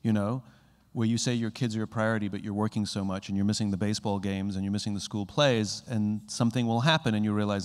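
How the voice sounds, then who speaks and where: A man giving a motivational keynote talk to a live audience. He is animated and acts out little conversations, jumping up in pitch as he does. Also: fast talker, hardly any pauses. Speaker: keynote speaker. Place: conference hall with a live audience. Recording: long hall reverb.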